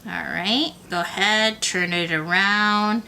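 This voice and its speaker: Woman, craft tutorial host, bright tone, patient step-by-step guide. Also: medium pitch, takes it slowly, vocal fry, slight background noise. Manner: patient, talks the viewer through each step. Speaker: beading instructor.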